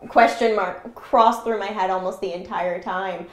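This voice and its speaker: A young adult woman talks through an album review in a chatty, animated way. She keeps saying "like" and acts out what she thought as she listened. Her voice has a mid pitch and carries an echo from the room. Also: unhurried. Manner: chatty, animated, lots of like and quoted inner thoughts. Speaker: podcast co-host. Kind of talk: casual music review chat. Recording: echoey room.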